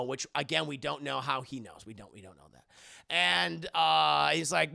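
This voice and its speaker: Gravelly bright-voiced guy ranting thru a movie plot, swears a lot, dry close mic. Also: a little high, normal speed. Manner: rambling, profane, sarcastic. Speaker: movie reviewer and streamer. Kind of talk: casual comedic movie recap. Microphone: close streaming mic.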